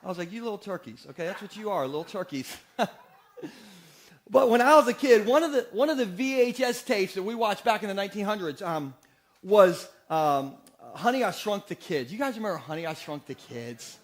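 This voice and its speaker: A man in his forties delivers an energetic sermon from the pulpit, joking freely and throwing questions out to the congregation. His voice sits high for a man, and his delivery is quick and playful. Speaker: pastor. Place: church sanctuary.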